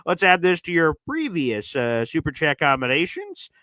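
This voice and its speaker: A man's voice: a little high, huge pitch swings, normal speed, dry recording, low-quality recording. A man hosting a casual live sports stream, reading super chats aloud in a loose, chatty way with lots of fillers. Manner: loose, chatty, many fillers, shifts from loud to muttering. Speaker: sports podcast host.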